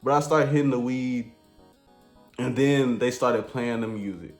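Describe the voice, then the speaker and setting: A man spins a crude comedy storytime in a relaxed, slang-heavy, rambling voice of ordinary pitch. His voice rings around an echoey room, with faint music playing underneath. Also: unhurried. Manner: laid-back, slangy, rambling delivery.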